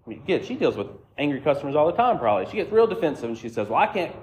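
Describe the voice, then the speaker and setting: A man's voice: on the high side, sing-song, racing, a little mellow, slight background noise. A man preaching a sermon as a conversational, self-deprecating story. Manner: conversational, self-deprecating, acts out quoted voices. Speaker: pastor.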